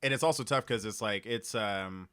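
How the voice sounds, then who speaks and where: Man, podcast co-host, casual chat, crisp bright voice, loose fillers. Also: lowish voice, normal speed. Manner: relaxed, filler-heavy, laughing.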